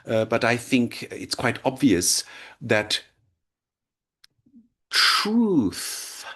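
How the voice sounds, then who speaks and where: A man's voice: medium pitch, very animated, extremely slow, a bit bright. A man teaching a lecture, explaining with frequent checks like "right?" and "yeah?". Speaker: language teacher.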